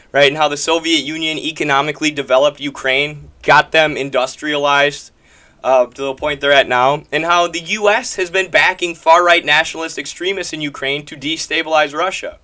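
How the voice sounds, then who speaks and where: Bright-voiced, emphatic male commentator. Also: a little high. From American Midwest. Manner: emphatic, repetitive, combative. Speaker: political commentator. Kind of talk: political commentary video.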